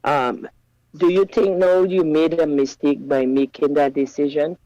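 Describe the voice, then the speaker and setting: A man calls in with a question, hesitant and full of ums. His voice is gravelly and sits slightly high. The sound is dry, with no room around it. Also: fairly even intonation, unhurried, mellow, dry recording, highs cut off. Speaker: caller.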